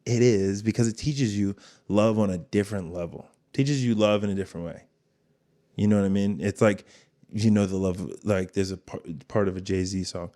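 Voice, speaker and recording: A man hosting a casual podcast and talking in a slightly low voice. He rambles candidly and swears freely. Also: fairly even intonation, moderate pace, mellow. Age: adult father of two. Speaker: podcast host.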